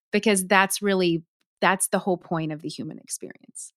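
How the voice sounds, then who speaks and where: Thoughtful woman with a smooth voice. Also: fairly low pitch, moderate pace, a bit bright, dry recording, studio quality. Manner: earnest, thoughtful, with frequent "you know" fillers. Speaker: guest. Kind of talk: reflective interview talk.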